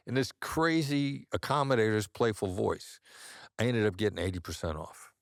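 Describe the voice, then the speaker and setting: A man as a guest on an interview podcast, telling measured anecdotes and acting out the voices he quotes. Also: lowish voice, lively intonation, gravelly, no room sound, studio quality. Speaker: guest, negotiation expert.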